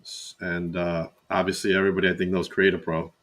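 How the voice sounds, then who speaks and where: A man hosts a casual interview in a fairly low voice. He keeps things relaxed, tossing in brief prompts and questions. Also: a little fast. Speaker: interview host.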